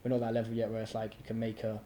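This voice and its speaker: A young man from the UK, telling stories as a guest in a casual interview, animated and laughing, full of slang. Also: fairly low pitch, racing, a little hiss or hum. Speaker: guest entrepreneur. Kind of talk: casual storytelling chat.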